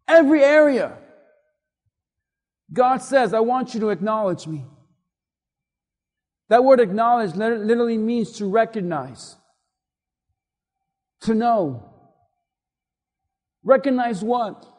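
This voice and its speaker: A man's voice: very high-pitched, a little mellow. A man preaching a sermon with emphatic, repetitive delivery, asking the congregation to repeat after him. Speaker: pastor. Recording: long reverb of a large hall.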